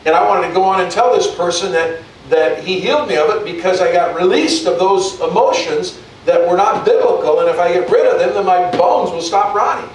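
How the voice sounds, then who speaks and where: Male pastor, sermon, high-ish voice, repeats and restarts, echoey church room, off-mic. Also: fairly quick, recorded from a distance, slight background noise. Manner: conversational preaching with many restarts and repeated words.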